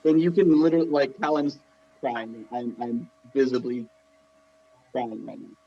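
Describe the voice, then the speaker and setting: A man's voice: medium pitch, normal speed, husky. Guy player speaking in character, earnest and formal, kinda dull lo-fi mic. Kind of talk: in-character tabletop role-play.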